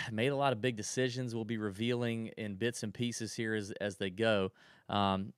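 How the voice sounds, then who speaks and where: A man's voice: on the low side, fairly even intonation, normal speed, clean tone, no room sound, studio quality. A man co-hosting a podcast in casual chat, rambling through stories with frequent restarts. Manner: chatty, rambling storyteller with restarts. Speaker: podcast co-host.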